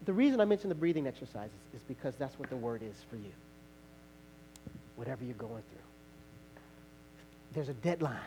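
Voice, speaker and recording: A male pastor preaching a sermon, telling a lively personal story, acting out the voices of others and laughing often. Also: fairly high pitch, slight background noise, low-quality recording.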